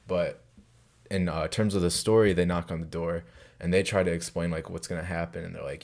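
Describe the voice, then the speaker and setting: A man's voice: low-pitched, fairly even intonation, a little fast, gravelly, darkish tone. A man in his twenties casually telling a profane dorm story as a resident advisor, laughing often as he goes. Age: 20s.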